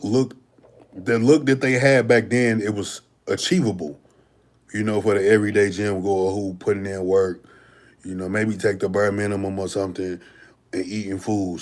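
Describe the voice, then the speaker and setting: In a relaxed livestream Q&A, a young man who is a bodybuilder fields viewer questions with plenty of slang. His lowish voice has a slightly mellow quality.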